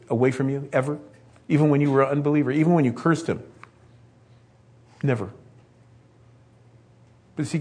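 A man's voice: mid-range voice, darkish tone, husky. A man preaching a sermon in a conversational way that builds to emphatic peaks.

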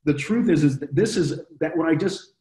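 Mellow-voiced man leading Bible study. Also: on the high side, normal speed. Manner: earnest, stops and restarts often while explaining. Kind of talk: conversational Bible teaching. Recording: roomy echo.

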